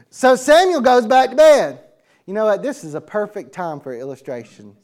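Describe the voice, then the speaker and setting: A youth pastor with a very high-pitched voice preaches to young people at a fairly quick pace. He's lively and laughing as he acts out a Bible story, calling on audience members to help.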